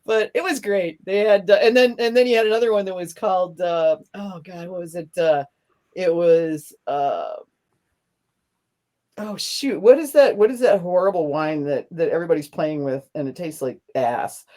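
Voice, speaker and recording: A woman's voice: lowish voice, animated, moderate pace, dark tone. A woman hosting a podcast, chatting casually in a rambling way and laughing often. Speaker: podcast host. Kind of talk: casual chat.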